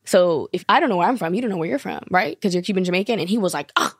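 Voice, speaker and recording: A woman's voice: lowish voice, very fast, breathy edge, no echo, clean studio sound. An American woman, a podcast guest, chatting casually and telling stories, acting out the people she quotes. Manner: animated storyteller, acts out quotes.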